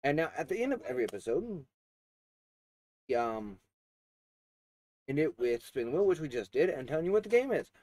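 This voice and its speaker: A man's voice: a little high, very animated, normal speed, long pauses, darkish tone. Rambling man with a cough reviewing games. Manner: rambling, with many fillers and restarts. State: coughing, clearing his throat. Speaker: video game reviewer. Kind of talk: casual spoken game review.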